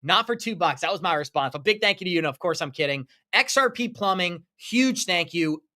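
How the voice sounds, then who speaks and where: Upbeat male live-stream host, bright and high-pitched, effusive and chatty. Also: expressive, brisk. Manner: upbeat, effusive, thanking viewers by name. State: running out of breath. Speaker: crypto livestream host. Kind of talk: live stream chat, reading donations.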